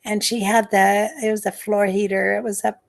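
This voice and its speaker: Creaky and flat, her mid-range voice moves at a moderate pace as the older woman, formerly a nurse, reminisces during an interview on a video call. She keeps hesitating and restarting, leans on fillers, and sighs softly.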